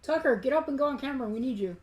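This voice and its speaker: A woman co-hosting a casual store livestream, tossing in quick, wry asides. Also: high-pitched, animated, a little hiss or hum. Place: toy store, indoors. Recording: roomy echo.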